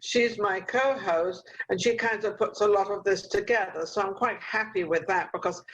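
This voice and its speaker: A woman's voice: medium pitch, steady tone, normal speed, rough recording. An older woman hosting an interview over a video call, giving long, encouraging advice in a chatty way. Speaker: host.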